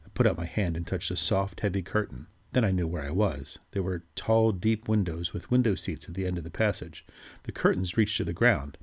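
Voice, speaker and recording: Man with a deep, husky voice narrating a ghost story at a measured, steady pace.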